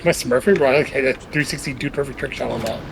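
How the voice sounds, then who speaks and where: A man's voice: medium pitch, fast talker, creaky, noisy background. A young man in casual gaming chat as a teammate, grumbling and trash-talking about the match. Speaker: teammate in a team shooter.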